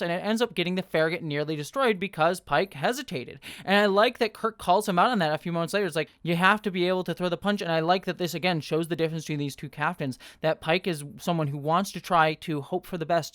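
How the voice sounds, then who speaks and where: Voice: mid-range voice, fairly bright tone, dry recording, studio quality. A TV review host talking through an episode in a chatty, enthusiastic way, with many fillers and asides. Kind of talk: casual spoken episode review.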